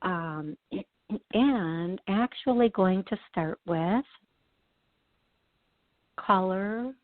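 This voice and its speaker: A woman from the Midwest hosting a call-in radio show as a psychic medium, chatty and quick, with many restarts and laughs. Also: medium pitch, dry recording, narrow, tinny audio.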